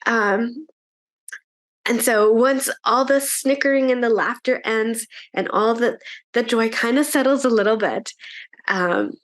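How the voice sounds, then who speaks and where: A woman telling a children's story at church in an animated, chatty way, with frequent fillers. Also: a little high, unhurried.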